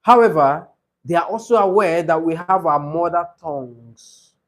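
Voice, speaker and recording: A man teaching an exam speaking class, repeating each rule slowly so students can take notes. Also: a little high, fairly bright tone. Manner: repeats key rules slowly for note-taking. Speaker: IELTS trainer. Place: training session room.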